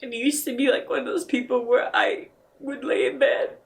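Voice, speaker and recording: Woman recounting, halting and set back. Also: high-pitched, fairly even intonation, gravelly, recorded from a distance. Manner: halting, with frequent restarts; earnest and emotional. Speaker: interview guest. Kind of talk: personal storytelling in a podcast interview.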